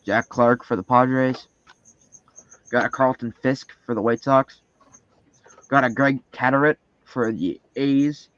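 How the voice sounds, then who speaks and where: A man with a Canadian accent hosting a live card break and reading off each card in a steady listing rhythm. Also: medium pitch, slow, pauses often, dry recording, lo-fi sound.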